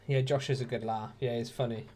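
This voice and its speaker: A man's voice: mid-range voice, mellow, a little hiss or hum. A tired man hosting a live watch-along stream, giving laid-back, chatty commentary with jokey asides. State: tired, yawning. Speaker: stream host.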